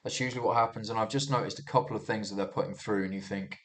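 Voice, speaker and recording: A man's voice: fairly low pitch, steady tone, racing. A man giving a casual monologue about the news, talking heatedly with lots of restarts and swearing. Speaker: commentator reviewing the news.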